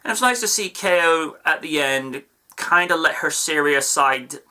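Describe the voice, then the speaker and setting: A man's voice: on the high side, expressive, a little slow, pushed and bright, clean tone. A man giving a casual, chatty review of an episode, with playful asides and digressions. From United Kingdom.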